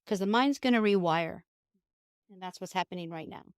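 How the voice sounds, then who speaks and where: A woman guest talking about spiritual healing in a calm, reassuring way, sometimes acting out voices in a story. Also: on the low side, fairly quick, clear, resonant tone, no room sound, clean studio sound. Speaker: guest healer. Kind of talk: casual spiritual talk.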